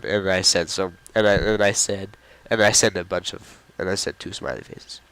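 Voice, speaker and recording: A man's voice: deep voice, moderate pace, a bit bright, low-quality recording. A young man hosting a gaming channel, talking casually to his viewers and rambling with lots of fillers and restarts as he reads out chat messages in a mocking tone. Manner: rambling, with many fillers and self-corrections. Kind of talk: casual gameplay commentary to viewers.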